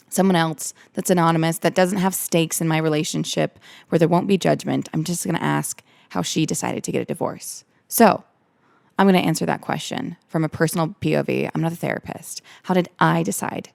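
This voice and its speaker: Young woman podcaster, gravelly low voice, candid and earnest, repeats herself a lot. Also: darkish tone, dry recording. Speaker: podcast host. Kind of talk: personal storytelling podcast.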